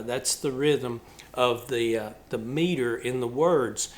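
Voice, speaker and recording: A male musician who hosts a channel talks casually about a song in a slow, mid-range voice. He's thoughtful, explaining step by step with small restarts.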